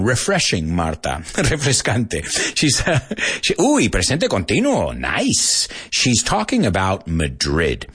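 A man hosting a radio show for English learners, reading listener comments in a lively, casual way and slipping into Spanish asides. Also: deep voice, breathy edge. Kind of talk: casual radio lesson chat.

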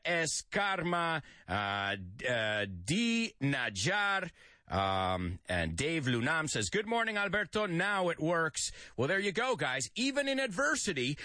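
A male radio host keeps the show chat lively, reading listener comments aloud and slipping into Spanish between English idioms. His voice is bright and ringing, swinging widely in pitch. The sound is dry and close, with no room sound.

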